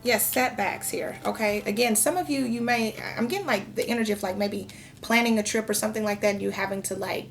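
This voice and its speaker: A woman's voice: mid-range voice, quick pace. A woman in her thirties giving a casual tarot reading, talking frankly and chatting with lots of fillers. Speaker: tarot reader.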